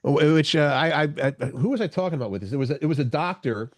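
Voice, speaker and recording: A man's voice: a little high, animated, fast talker, no echo. A man co-hosting a morning show, chatting casually and searching for his words as he rambles along. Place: radio studio.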